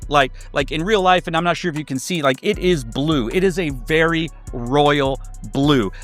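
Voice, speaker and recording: A man's voice: on the high side, moderate pace, faint music behind. A man giving a casual sneaker review, chatty and loose, with many fillers and restarts.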